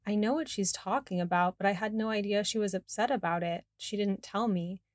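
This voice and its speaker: A man's voice: sits high, dry recording, studio quality, close to an everyday voice. A woman reading the lines of a defensive adult man in her own voice. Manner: defensive, quick explanations.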